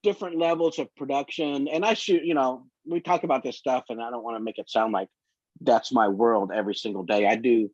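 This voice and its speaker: Talking a little fast in a steady, medium-pitched voice, this photographer guest rambles through long anecdotes about his work during a casual interview. The recording is dry, dull and lo-fi.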